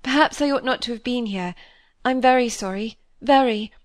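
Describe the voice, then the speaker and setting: A timid young woman in a storybook reading, pitched well above the reader's own voice and close to tears. She speaks softly and pleads with the people around her, voiced by a woman narrator. The recording is dry and close. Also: moderate pace, dry recording, natural voice. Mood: tearful. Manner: pleading, soft-spoken.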